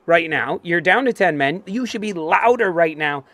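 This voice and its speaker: An excitable man co-hosting a casual chat show, spinning stories full of swearing and acted-out quotes. His voice sits a little high, and the sound is dry and close with no room echo. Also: normal speed. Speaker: co-host. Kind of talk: casual chat, animated storytelling.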